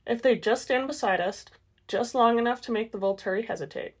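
A woman's voice: a little high, a little fast, breathy edge. Brash, blunt vampire man, cheerful about danger; a woman reading the part. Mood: confident. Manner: blunt, upbeat. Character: brash, confident male vampire, relishes a fight.

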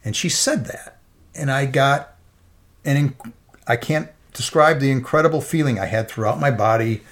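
A man's voice: mid-range voice, normal speed. A middle-aged man, an interview guest, giving an earnest and emotional personal faith testimony.

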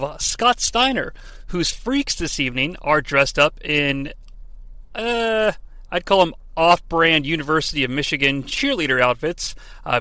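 Sarcastic bright-voiced man recapping. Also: on the high side, no room sound. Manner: sarcastic, swearing, exaggerated quoted voices. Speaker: podcast host recapping wrestling. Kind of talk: comedic recap with quoted impressions.

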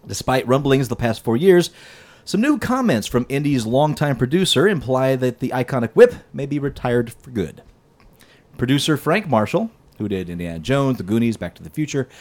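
A man with a mid-range voice and a lively, varied pitch reads entertainment news items on a podcast. Between items he drops into loose banter with his co-hosts. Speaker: podcast host reading news. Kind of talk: casual chat and news reading.

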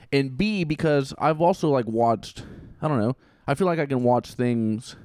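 A man's voice: mid-range voice, darkish tone, clean tone, dry recording, clean studio sound. A young man co-hosting a casual podcast, rambling with many restarts and the odd swear word. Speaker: podcast co-host.

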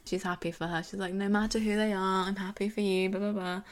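A woman's voice: mid-range voice, fast. Laughing British woman co-host. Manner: laughs often, animated retelling. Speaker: podcast co-host. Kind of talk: casual chat.

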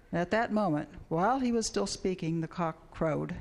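A class member reads a scripture passage aloud to the group in a steady, even delivery. The voice sits at a middle pitch. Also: brisk, few pauses. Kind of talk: reading aloud.

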